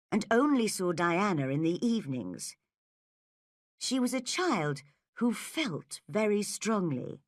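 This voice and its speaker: Slow, expressive woman narrator. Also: medium pitch, dry recording, studio quality. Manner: careful, expressive storytelling. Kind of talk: slow, clear audiobook narration for learners.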